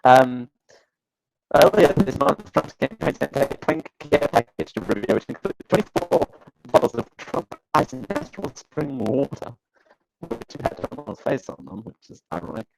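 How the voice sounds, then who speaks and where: A man's voice: medium pitch, big pitch swings, measured pace, gravelly, background noise. A man hosting a live talk show, giving casual, sarcastic commentary that rambles with fillers and restarts. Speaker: show host.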